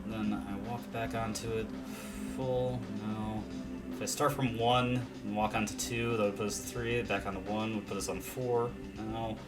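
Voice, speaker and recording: With a lowish, level voice at a moderate pace, a young man casually commentates his own video game playthrough as a let's play commentator. He muses aloud, leaning on fillers and self-deprecating asides, and faint game music plays underneath.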